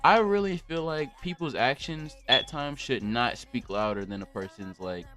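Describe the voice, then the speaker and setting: A man's voice: medium pitch, normal speed, a bit bright, soft background music. A young man hosting a casual livestream podcast, rambling in a blunt, profane rant. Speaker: podcast host.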